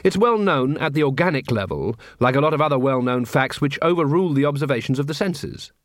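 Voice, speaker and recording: A man narrating a comic fantasy audiobook in a measured, dry storytelling manner. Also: fairly high pitch, expressive, no room sound. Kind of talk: scripted narration.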